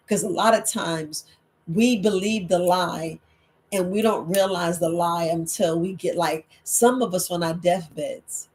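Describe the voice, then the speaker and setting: A woman's voice: fairly low pitch, fairly even intonation, a little slow, a little mellow. Woman, herbalist host, emphatic, preachy, repetitive, late-night Q&A talk. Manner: emphatic, preachy, repeats points.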